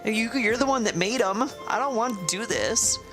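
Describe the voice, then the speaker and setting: A woman's voice: on the high side, lively intonation, normal speed. A woman streamer giving casual, profane, sarcastic commentary while playing a game. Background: game music.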